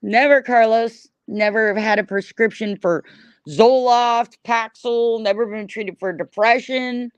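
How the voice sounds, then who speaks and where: A woman's voice: a little high, unhurried, clear, resonant tone, dry recording, lo-fi sound. A middle-aged woman hosting a livestream, ranting at her chat in an angry, profane, repetitive way. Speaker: livestream host.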